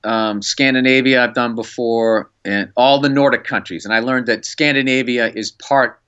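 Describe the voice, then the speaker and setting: A man, a comedian and podcast guest, telling an animated story in casual chat and acting out the quotes. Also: medium pitch, normal speed, clean tone, dull audio. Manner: animated, excitable storyteller who acts out quotes.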